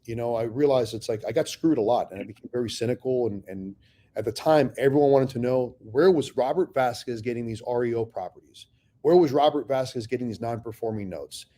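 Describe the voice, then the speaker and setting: A man's voice: mid-range voice, brisk, dark tone. A man candidly telling stories from his real estate investing career in an interview, blunt and often profane, acting out past conversations.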